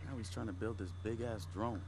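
A man's voice: fairly low pitch, fairly even intonation, fairly quick, gravelly, darkish tone. A man voicing a laid-back, streetwise male hacker crew leader in a video game, casual and profane. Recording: game audio with crowd noise.

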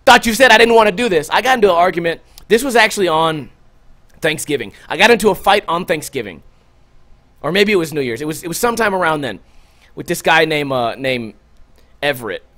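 Podcast guy ranting a story, swears a lot, loud when he acts out quotes, kinda high voice. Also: fairly quick. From Las Vegas. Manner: profane, animated, acts out quotes loudly. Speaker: podcast host. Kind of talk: casual storytelling monologue.

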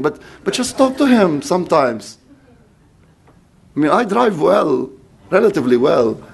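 Middle-aged pastor, preaching in English: earnest, chatty, fairly high voice, full of restarts. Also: male voice, gravelly, a little mellow, husky. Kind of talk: sermon.

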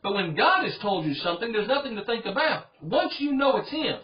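High-voiced man preaching earnestly. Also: sing-song, a little fast, lo-fi sound. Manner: earnest, repeats phrases for emphasis. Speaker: pastor. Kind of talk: Bible study sermon.

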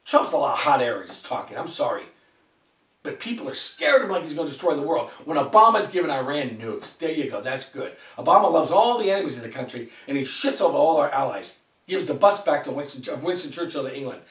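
A man's voice: on the high side, sing-song, fast talker, a bit bright, recorded from a distance. A man ranting heatedly in a political vlog, firing off rhetorical questions and swearing. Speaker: vlogger. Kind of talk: political rant. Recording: echoey room, away from mic.

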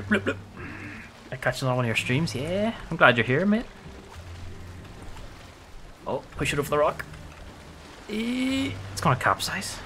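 A man's voice: mid-range voice, bright, forceful tone, slight background noise. A man streaming a game, giving casual gameplay commentary, playful, swearing often and laughing a lot.

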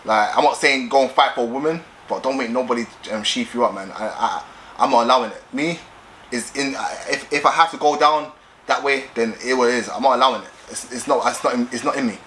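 A man's voice: medium pitch, fast talker, bright, forceful tone, a little hiss or hum, rough recording. Assertive young man giving advice. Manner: assertive, repetitive, streetwise slang. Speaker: vlogger giving dating advice. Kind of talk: casual advice vlog.

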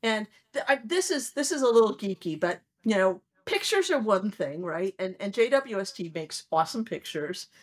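A woman in her sixties, a planetary astronomer telling stories in a conversational interview, animated and acting out her excited reactions. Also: medium pitch, normal speed, few pauses. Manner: animated storyteller who acts out her own excited reactions.

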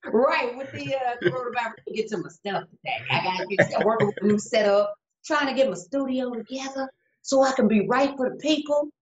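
A woman co-hosting a podcast in casual chat, an animated storyteller who acts out what people say. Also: a little high, a little fast. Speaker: podcast co-host. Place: home studio setup. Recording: dull lo-fi sound.

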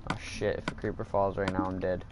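A man's voice: sits low, monotone, fairly quick, background noise. A man casually commenting while he plays a video game, thinking aloud and getting annoyed at the game. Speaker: gaming video host.

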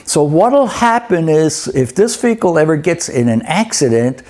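A man's voice: on the high side, expressive, moderate pace, a little mellow. A middle-aged man giving a live webinar lecture on truck inspections, folksy and conversational, often checking in with "okay?" and "eh?". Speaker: instructor.

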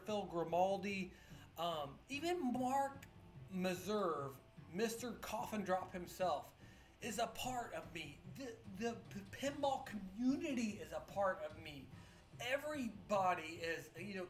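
A drunk, tearful woman who streams pinball delivers an emotional live-stream monologue in a mid-range voice, halting, rambling and profane with many restarts. The room is echoey, with faint music in the background.

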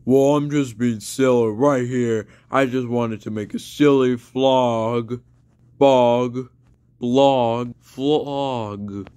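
Young man, slow drawn-out talk, clear voice, silly rambling, home bedroom vlog. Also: medium pitch, steady tone, a little mellow. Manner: silly, rambling, repeats words.

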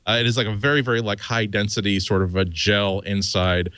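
A man's voice: fairly low pitch, level tone, fairly quick, fairly bright tone, smooth, dry recording. A man on a tech podcast panel, reviewing gadget cases in casual chat, rambling with frequent restarts and fillers.

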